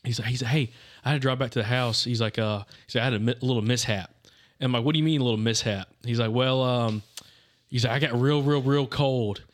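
A man's voice: medium pitch, steady tone, fast talker. A man telling a hunting story in casual podcast chat, rambling with plenty of fillers. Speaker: podcast co-host.

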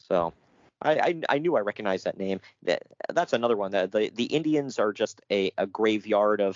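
Low-voiced man reading notes casually. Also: animated, moderate pace, pauses often, dry recording, muffled recording. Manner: reads notes, jokes and laughs often. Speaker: podcast co-host. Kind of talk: casual chat.

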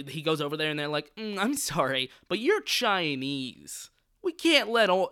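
Sarcastic profane man, rambling film rant, bright forward voice, dry close sound. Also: mid-range voice, no echo. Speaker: movie reviewer.

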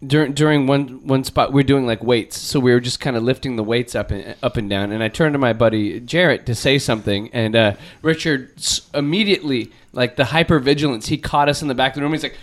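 A man co-hosting a podcast, an animated storyteller in casual chat who swears freely and restarts his sentences. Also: medium pitch, fairly quick, hardly any pauses. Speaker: podcast co-host telling a story.

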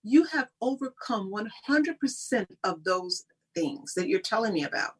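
A woman's voice: mid-range voice, lively intonation, normal speed, slightly rough. A woman guest giving emphatic, preachy motivational talk in conversation, often laughing. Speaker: guest speaker on personal growth.

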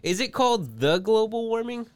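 A man's voice: high voice, big pitch swings, moderate pace. A male co-host in improvised comedy banter, playful and protesting with mock politeness. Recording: loud crowd noise behind.

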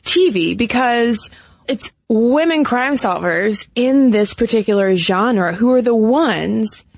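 A woman's voice: on the high side, lively intonation, slow pace, no echo. A woman co-hosting a podcast in a chatty, playful way, talking casually and laughing easily. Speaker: podcast co-host. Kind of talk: casual chat.

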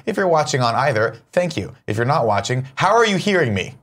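A man talks at a fast clip in a mid-range voice, riffing through casual morning-show chatter. He sounds worn out but keeps the jokes rolling. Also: mid-range voice, big pitch swings, a bit bright. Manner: quick joking host patter, tired. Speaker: co-host. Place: studio.

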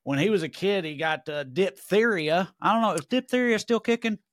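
A man with a Southern American accent co-hosts a casual podcast, spinning rambling, profane, jokey stories. His voice sits a bit high. The recording is close and dry. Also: fairly quick, no echo. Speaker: podcast co-host. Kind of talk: casual comedic chat.

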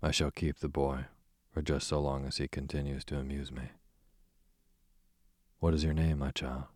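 A man voicing a sardonic, smooth-voiced duke. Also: a bass voice, flat delivery, normal speed, darkish tone, no echo, clean studio sound. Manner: smooth, drawling, sarcastic. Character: sardonic languid aristocratic male duke. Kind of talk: audiobook character voice.

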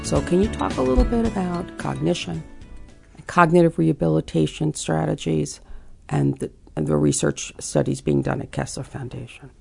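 A woman with a low voice interviews a guest on a podcast. Her voice has a heavy vocal fry. Her questions run long and ramble, with faint music behind her. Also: moderate pace, darkish tone.

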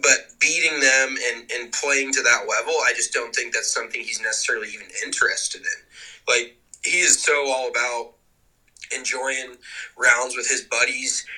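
A man's voice: mid-range voice, pushed and bright, poor audio. A man co-hosting a casual golf podcast over a video call, joking and swearing in an easygoing way. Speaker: podcast co-host. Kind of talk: casual sports chat.

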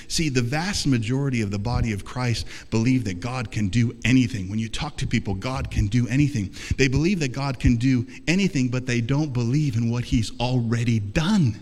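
A man's voice: medium pitch, fairly quick, hardly any pauses, darkish tone. Man, pastor, emphatic sermon, call-and-response, mid-range voice, long hall reverb.

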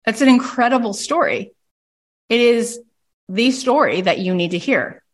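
A woman's voice: fairly high pitch, expressive, normal speed. A woman coach on a recorded call, telling a story with energy and acting out the people she quotes. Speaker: coach and podcast host.

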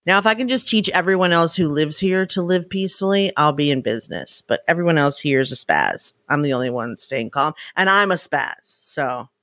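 Female podcast co-host, casual storyteller, bursts into animated impressions, dry close sound. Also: low-pitched, brisk, few pauses, no room sound. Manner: animated storytelling, breaks into loud excited impressions. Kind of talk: casual chat.

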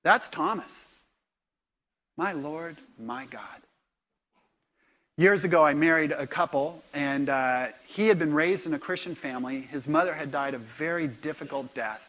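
A man preaching a sermon in church, animated, jumping from quiet remarks to loud acted-out lines. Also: a little high, moderate pace, few pauses. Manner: animated, acts out dialogue with sudden loud bursts. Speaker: pastor.

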